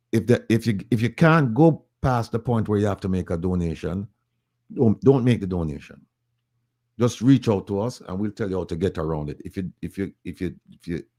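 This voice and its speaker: A Jamaican man speaks in a fairly low, mellow voice during an online group audio chat. He urges his listeners with emphatic, repeated points. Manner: emphatic, repetitive urging. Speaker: activist speaker.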